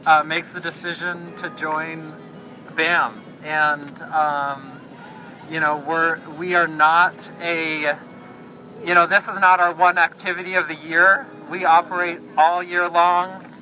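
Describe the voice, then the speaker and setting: A man speaking at an outdoor rally, halting, with many fillers and restarts. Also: on the high side, little pitch movement, bright, forceful tone, soft background music, poor audio.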